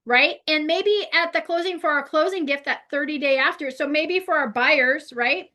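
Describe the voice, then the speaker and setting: Bright high-voiced woman, chatty trainer. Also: moderate pace. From California. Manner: chatty, frequent "right?" and "like". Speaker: real estate trainer. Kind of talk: casual training talk.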